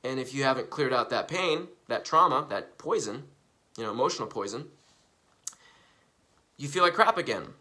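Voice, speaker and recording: A young man talking casually on a live stream, animated and profane, rambling and repeating himself, jumping from loud bursts to hushed asides. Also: mid-range voice, moderate pace, pauses often. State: coughing from recently quitting smoking.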